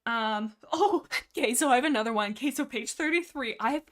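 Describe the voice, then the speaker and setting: A woman hosting a casual livestream, rambling excitably about a book, laughing often and answering chat as she goes. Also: on the high side, fairly quick. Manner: reads and answers chat messages. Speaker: livestream host.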